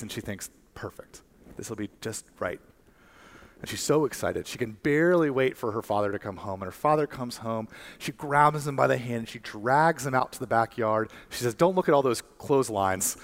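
Man preaching a storytelling sermon. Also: medium pitch. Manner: storytelling, builds to fervent emphasis. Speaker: pastor.

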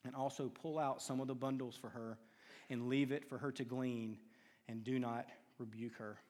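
A man preaching a sermon, telling stories and acting out quoted lines with hushed and raised turns. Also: mid-range voice, steady tone, normal speed. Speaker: pastor. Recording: long hall reverb.

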